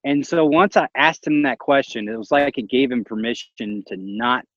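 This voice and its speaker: Man telling an animated story. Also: medium pitch, normal speed, dull audio. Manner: animated, acts out quoted voices, laughs often. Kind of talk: casual storytelling chat.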